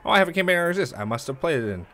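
A man's voice: on the high side, sing-song, rapid-fire, fairly bright tone. A young man giving casual, joking commentary while playing a game. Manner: chatty, joking asides. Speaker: gameplay streamer. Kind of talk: casual let's-play commentary.

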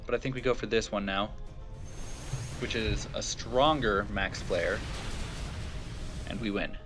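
Low-voiced man commentating gameplay. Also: unhurried, music in the background. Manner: thinks aloud, with fillers and self-corrections. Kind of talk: casual let's-play commentary.

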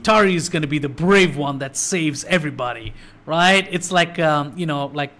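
A man reacting to a cartoon on screen, excitable and cursing, talking back to the characters. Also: on the high side, normal speed. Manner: excitable, swears a lot, talks back to the screen. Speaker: reaction video host. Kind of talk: casual reaction commentary. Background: cartoon audio and music playing.

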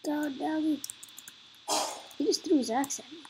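A woman's voice: high voice, a little slow, warm tone, slight background noise, poor audio. A woman giving rambling, giggly let's-play commentary, talking to herself as she plays and slipping into joke accents. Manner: rambling, giggly, talks to self while playing. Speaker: gameplay commentator.

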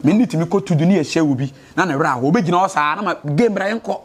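A man's voice: fairly high pitch, animated, very fast, husky. A Ghanaian man giving a street interview in Twi and English, earnest and preachy about faith and change.

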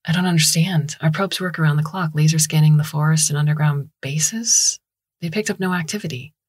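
A woman's voice: sits low, brisk, breathy edge, no echo, clean studio sound. A woman voicing a young astronaut in her twenties, nervous and eager, speaking with breathless, stammering urgency. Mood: tense. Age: 20s.

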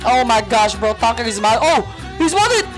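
A high-voiced woman narrates her own gameplay in a loud, taunting stream of slang. She keeps ribbing her opponent and breaks into yelling, with music playing clearly under her voice. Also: normal speed. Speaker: gaming video creator. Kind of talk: excited gameplay commentary with trash talk. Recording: loud game music behind voice.

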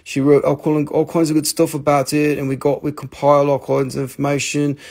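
An American man hosting a live sales stream, talking in an excitable, rambling way with casual swearing. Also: a little high, fairly quick, creaky. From United States.

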